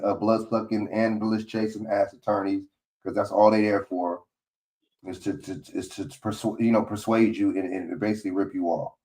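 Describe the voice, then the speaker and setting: A man's voice: fairly low pitch, a little mellow. A man hosting a livestream, giving blunt, profane, casual political commentary and often asking "you know what I'm saying". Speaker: livestream host. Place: home studio, livestream.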